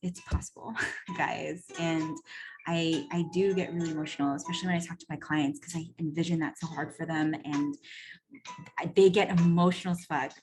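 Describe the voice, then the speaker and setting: Chatty, swearing woman coach with a lowish voice. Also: moderate pace, over music. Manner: chatty and profane, full of "like" and "right?"; animated, acts out quoted voices. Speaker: personal growth coach. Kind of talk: casual storytelling monologue.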